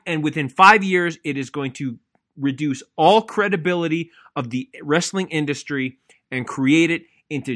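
An angry man in a recorded rant segment. His slightly high, bright voice hammers each point with open contempt. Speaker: listener contributor.

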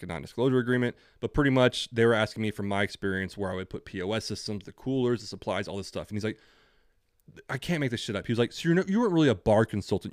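A man's voice: on the low side, no echo, clean studio sound. A young man telling a story on a podcast, swearing freely and acting out both sides of the conversation. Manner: profane, ranting, acts out both sides of dialogue. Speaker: podcast co-host. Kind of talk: casual storytelling chat.

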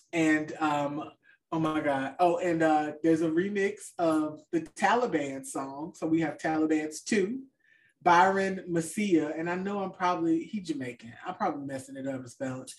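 A woman's voice: low voice, darkish tone, distant mic. A woman co-hosting a podcast in casual chat, talking loosely with fillers and trailing off. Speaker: podcast co-host.

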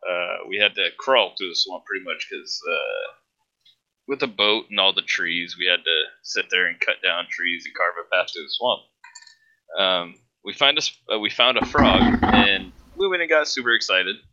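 Man, very low voice, sharp tone, laid-back, lo-fi sound. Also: moderate pace. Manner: laid-back, with many ums. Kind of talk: casual gaming chat. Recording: dull lo-fi audio.

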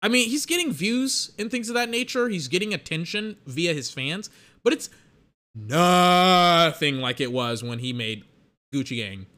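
A man's voice: high-pitched, lively intonation, a little slow, pushed and bright. A young man casually reacting to rap songs, rambling and chatty, with music playing behind him. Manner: chatty, rambling, mocking impressions.

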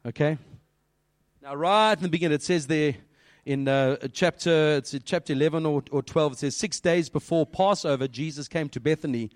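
Male pastor, slightly high voice, lively, keeps quizzing the listeners; dry, close sound. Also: normal speed, no room sound. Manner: lively, questioning the audience, quoting scripture. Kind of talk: children's sermon.

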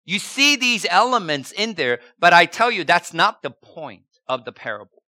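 A man's voice: high voice, very animated, moderate pace, bright, forceful tone, no room sound, clean studio sound. A man preaching a sermon as a pastor, asking rhetorical questions and repeating key words for emphasis.

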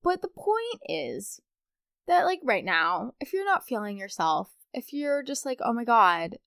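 A woman's voice: sits high, wildly swooping pitch, measured pace, vocal fry, clear, resonant tone, dry recording, studio quality. A young adult woman hosting a casual solo podcast, chatting in a rambling way with playful asides. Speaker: podcast host.

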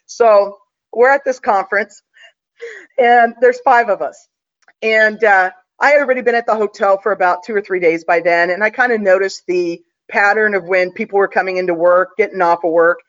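Confident, chatty woman spinning a story as a guest, medium pitch, a little muffled. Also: normal speed. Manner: chatty, confident, full of fillers. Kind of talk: casual storytelling.

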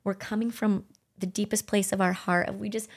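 A middle-aged woman co-hosting a podcast, speaking gently and earnestly as she reflects on her own experiences. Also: medium pitch, little pitch movement, brisk. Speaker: podcast co-host. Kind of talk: heartfelt conversational podcast talk.

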